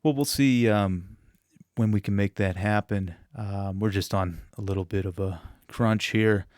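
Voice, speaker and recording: A man's voice: on the low side, steady tone, unhurried, darkish tone, no room sound, clean studio sound. A man hosting a podcast interview in a playful, mock-formal manner. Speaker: podcast host.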